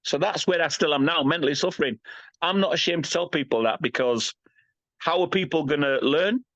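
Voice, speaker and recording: A man in his fifties, appearing as a podcast guest, speaks candidly in a blunt, emphatic style, swearing freely and often asking "you know what I mean." His voice is on the high side, fairly quick and fairly bright, with no room sound. The recording has a slightly dull, lo-fi quality.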